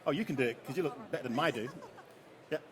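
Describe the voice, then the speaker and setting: A man's voice: mid-range voice, fast talker. A man leading a live rum tasting before an audience, chatty and jokey, often quizzing the crowd for tasting notes.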